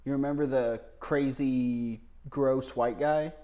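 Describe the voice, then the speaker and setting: Dude hosting a comedy podcast, cracking jokes, laughing, cussing. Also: male voice, medium pitch, fairly even intonation, slow pace, mellow. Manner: jokey, laughs often, swears casually. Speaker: comedian and co-host. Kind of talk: casual podcast chat.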